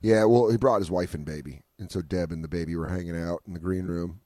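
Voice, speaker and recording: Profane low-voiced man telling road stories. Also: fast, no room sound, studio quality. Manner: profane, animated, acts out quotes. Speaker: comedian podcast host. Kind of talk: casual storytelling chat.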